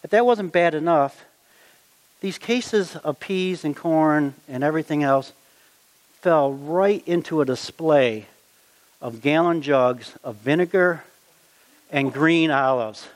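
A middle-aged man telling a personal anecdote in a folksy, animated way, acting out the quotes as he goes. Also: on the high side, slow pace. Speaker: storyteller. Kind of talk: personal anecdote, told aloud.

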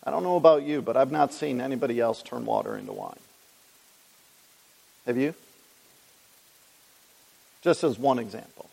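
Gravelly-voiced man preaching in a reverberant hall. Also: medium pitch, sing-song, moderate pace, pauses often, mellow. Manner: conversational, reads scripture aloud, asks the congregation questions. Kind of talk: expository Bible teaching. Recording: long reverb of a large hall.

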